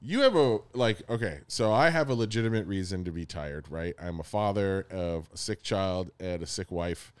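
A man's voice: sits low, normal speed, hardly any pauses, clean tone, no echo. A tired man with a nasal voice, co-hosting a podcast in casual, teasing chat. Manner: teasing, laughs a lot, lively. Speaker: podcast co-host.

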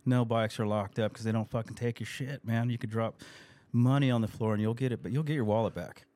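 Guy on a podcast cussing nonstop, mid voice, dry close sound, animated rambling stories. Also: mid-range voice, brisk, no echo. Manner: swears constantly, animated storytelling. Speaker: guest musician. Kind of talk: casual podcast chat.

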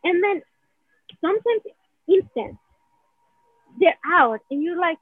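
A woman's voice: very high-pitched, sing-song, slow, pauses often, no room sound. A woman explaining a healing technique in casual conversation, rambling, saying "right?" a lot and acting out feelings in quoted asides. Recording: dry, phone-like narrow sound.

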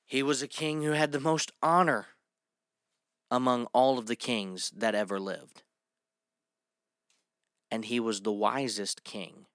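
A man's voice: mid-range voice, steady tone, fairly bright tone. A man delivers an emphatic sermon in a mid-range voice, drawing out the words he wants to land. He moves between his own points and passages read aloud from scripture. The sound is dry, with no room echo. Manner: emphatic, stretches key words slowly. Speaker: preacher.

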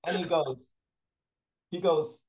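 A man's voice: fairly high pitch, slow pace, a little mellow, slight background noise, low-quality recording. A man, a talent sourcer, chatting as an interview guest and telling rambling anecdotes full of restarts. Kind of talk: casual interview storytelling.

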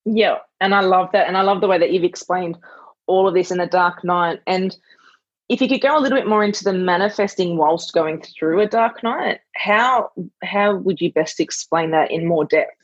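A woman hosting an interview, effusive and heartfelt, telling personal stories with a husky voice. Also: lowish voice, moderate pace. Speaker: podcast host, mother. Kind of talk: conversational podcast interview. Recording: dull lo-fi, dry.

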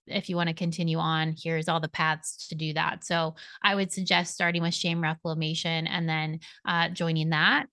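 A woman's voice: on the low side, gravelly, fairly bright tone, dry recording. A woman speaking as a spiritual coach guest on a podcast, earnest and meandering, laughing often. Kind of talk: podcast interview conversation.

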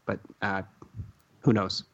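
A man's voice: takes it slowly, fairly bright tone, highs cut off. A man co-hosting a podcast, chatting casually with wry, joking asides. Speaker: podcast co-host.

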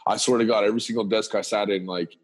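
A man with a very low voice talking in easy, slangy chat. He rambles through stories in a relaxed, laid-back way, tossing in street slang as he goes. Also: quick pace, poor audio. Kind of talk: casual chat.

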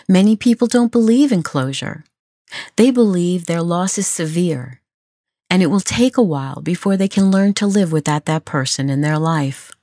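Lady podcast host, soft caring advice tone, lowish pitch, dry mic. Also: no room sound. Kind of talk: scripted advice talk.

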